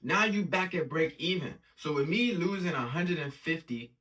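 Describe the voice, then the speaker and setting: A forex trading vlogger records his screen for a casual vlog, walking through his trades step by step in hype-filled slang and breaking down risk and reward. His voice sits a little high, animated and bright, with a forceful tone at a normal speed.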